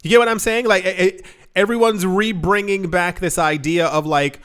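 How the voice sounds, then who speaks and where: A man's voice: high-pitched, lively intonation, measured pace, a bit bright, clear, resonant tone. A young man hosting a crypto news show, talking in a loose, rambling way with many asides and self-corrections. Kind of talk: casual news commentary.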